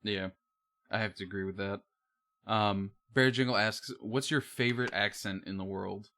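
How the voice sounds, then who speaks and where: A man's voice: fairly low pitch, fairly even intonation, moderate pace, a bit bright. A man hosting a livestream interview in a casual, friendly way, with lots of ums and uhs. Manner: casual, friendly, filler-heavy. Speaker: host.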